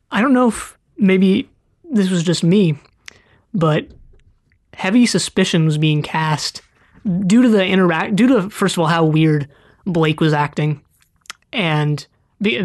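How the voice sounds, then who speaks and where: A mid-pitched voice co-hosting a casual podcast. The speaker is chatty and loose, often trailing off and restarting sentences mid-thought. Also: animated, normal speed. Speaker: podcast co-host.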